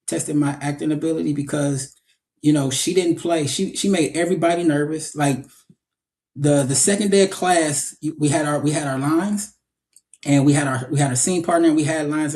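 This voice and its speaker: A man's voice: fairly high pitch, fairly even intonation, normal speed, a little mellow. A man being interviewed as an actor guest over a video call, telling stories in a rambling casual way with many restarts.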